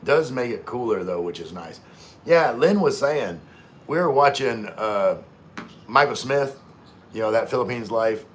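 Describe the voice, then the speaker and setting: Expressive and measured, a medium-pitched male host runs a laid-back livestream. He voices viewer comments and answers them casually, with plenty of repeated words and false starts.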